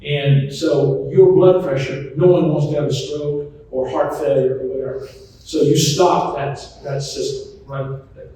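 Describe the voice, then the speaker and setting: A middle-aged man, a memory doctor giving a folksy, anecdotal talk to an audience, often pausing on ums. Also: fairly high pitch, steady tone, mellow. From Charlotte, North Carolina. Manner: chatty, anecdotal, hesitant with many ums. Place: large echoey hall, voice from some distance. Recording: echoey hall, mic at a distance.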